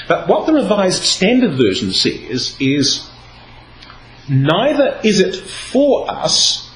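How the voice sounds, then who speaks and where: A man giving a Bible talk, reading scripture aloud and shifting his emphasis as he explains. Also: sits high. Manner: expressive, reads scripture aloud with varied emphasis. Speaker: Bible speaker. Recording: echoey hall with faint noise.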